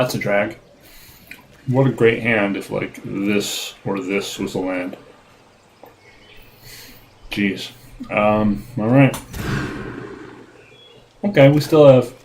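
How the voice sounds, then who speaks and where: A man giving relaxed, casual commentary over his card game play, with frequent ums and uhs and a self-deprecating tone. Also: on the low side, slow pace, long pauses, slight background noise, rough recording. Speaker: gaming video host.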